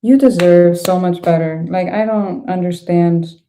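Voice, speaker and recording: Mellow-voiced woman reading tarot. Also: on the low side, steady tone, a little slow, slight background noise. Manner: thinks aloud, laughs often, frank reactions. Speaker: tarot reader.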